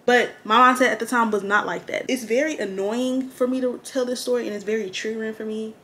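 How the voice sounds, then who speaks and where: A young woman chatting slangily through a get-ready-with-me storytime, animated and candid. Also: on the high side, fairly quick, a little hiss or hum. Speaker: vlogger.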